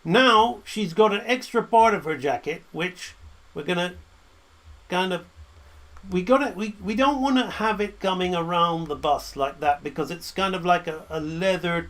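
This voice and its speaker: A man's voice: on the high side, a bit bright. A man teaching animation drawing, talking through each stroke as he draws and often checking in with "right?". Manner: talks while drawing, frequent "right?" checks. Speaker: animation instructor. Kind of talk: drawing tutorial narration.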